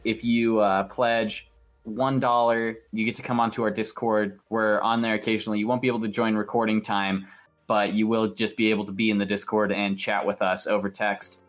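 A man's voice: fairly low pitch, level tone, a little fast. Rambling man hosting a podcast. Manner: rambling, repeats words, spins absurd stories. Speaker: podcast host. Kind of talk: casual podcast banter.

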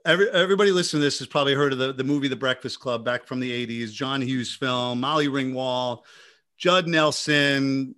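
A man co-hosting a podcast, telling stories in a casual, animated way with many restarts. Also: mid-range voice, brisk. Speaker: podcast co-host.

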